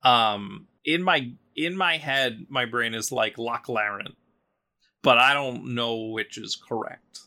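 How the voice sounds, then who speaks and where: A man talking casually on a podcast, retelling a story with frequent ums and likes. His voice has a bright, clear tone. He meanders and lightly acts out the characters' lines as he goes. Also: mid-range voice, takes it slowly, hardly any pauses. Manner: chatty, full of ums and likes, voices quotes loosely.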